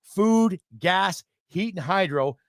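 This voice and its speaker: A man's voice: high-pitched, animated, slow, no room sound, studio quality. A man in his fifties hosting a solo podcast, ranting bluntly with profanity and sarcasm. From Canada. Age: 50s. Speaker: podcast host.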